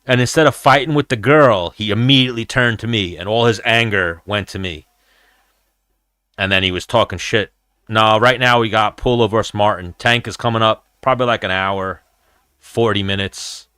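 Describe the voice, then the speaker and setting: A man hosting a casual live-stream fight chat, telling animated, profane stories about brawls he has been in and reacting to viewer comments. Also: lowish voice, moderate pace, smooth, no echo, studio quality.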